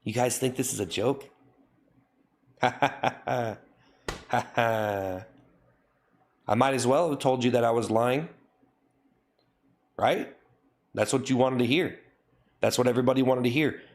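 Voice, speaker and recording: A man's voice: medium pitch, measured pace, long pauses. A man streaming live, reading chat and scolding his viewers in a mock-stern, repetitive way. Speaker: livestreamer.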